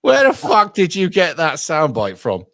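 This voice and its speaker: A man's voice: fairly high pitch, wildly swooping pitch, unhurried, fairly bright tone. A man hosting a casual call-in stream, full of sweary, jokey banter. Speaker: stream host taking calls.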